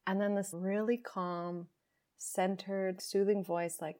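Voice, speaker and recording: A woman's voice: medium pitch, fairly even intonation, measured pace. A young adult woman, a podcast guest, candidly telling a personal story and acting out her inner voices with emotion.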